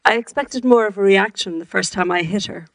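Cold self-justifying husband, read by a woman, calm measured reading, dry. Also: mid-range voice, dry recording, natural voice. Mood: coolly detached. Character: cold self-justifying man who hit his wife. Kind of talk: reading fiction aloud.

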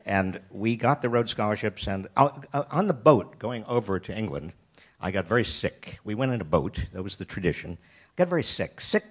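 Older man, wry halting storyteller. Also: lowish voice. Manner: wry, self-deprecating, halting with restarts. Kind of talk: personal anecdote talk.

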